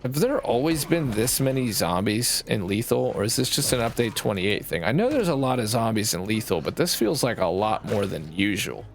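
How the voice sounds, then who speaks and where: A man's voice: on the low side, sing-song, normal speed, hardly any pauses, faint music behind. A man with a Canadian accent and a nasal-sounding voice, rambling and swearing casually through gameplay commentary as a streamer. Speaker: game streamer.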